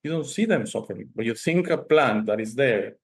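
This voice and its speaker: The man's voice is mid-range, brisk and creaky. A host who speaks Spanish natively, he tells stories emphatically and with animation in casual talk, frequently adding "okay?" to his sentences.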